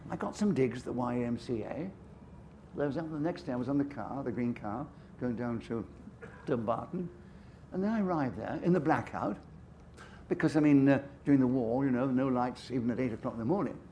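A man's voice: mid-range voice, brisk, mellow, highs cut off, a little hiss or hum. An older man with an English upper-class accent, a guest author telling anecdotes on stage in a chatty, self-amused way with frequent asides. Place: festival stage.

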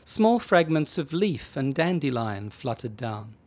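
A man's voice: mid-range voice, sing-song, unhurried, darkish tone. Man reading a comic story expressively.

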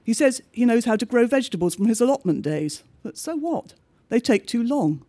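A man reading a bleak diary-style story aloud, with measured, understated narration. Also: extremely high pitch, very animated, dark tone.

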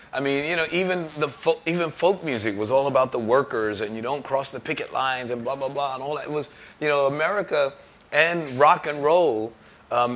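An older man with a bright, forceful voice, talking as an interview guest. He tells his stories with energy and drops in jokes and quick impressions as he goes. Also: mid-range voice. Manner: lively storyteller, jokes and acts out quotes. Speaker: musician guest. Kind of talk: animated anecdote in interview.

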